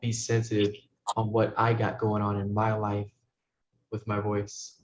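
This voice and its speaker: A man teaching as a spiritual guide, talking listeners through a meditation in soft, slow, repeated phrases that often sink to a hush. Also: lowish voice, monotone. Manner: soft-spoken, slow, repetitive guidance, often dropping to a hush. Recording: roomy, dull recording with faint noise.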